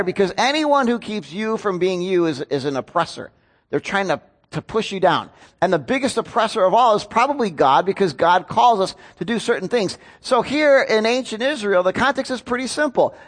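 A man preaching a sermon as pastor, conversational and self-deprecating, often asking his congregation questions. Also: high-pitched.

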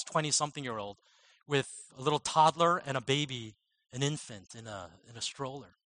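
A man giving a storytelling sermon as a guest speaker and physician, mixing personal anecdotes and self-deprecating laughs, moving from animated passages to very soft, slow ones. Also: on the high side, dry recording. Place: church service.

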